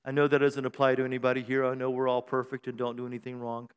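A middle-aged male pastor preaching a sermon on a church stage mic, joking and self-deprecating, then building to shouted praise. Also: mid-range voice, completely flat delivery, fast, clean tone, highs cut off. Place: church sanctuary. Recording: long hall reverb in a church.

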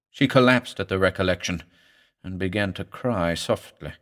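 Guy reading a creepy story out loud, grave and measured, pitch swings around a lot. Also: lively intonation. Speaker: narrator. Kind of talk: audiobook narration of a horror story.

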